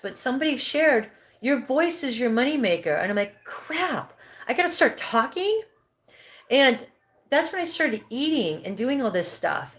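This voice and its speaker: A woman in her fifties coaching breathwork on a live stream, candid and rambling, often correcting herself mid-sentence. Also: on the high side. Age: 50s.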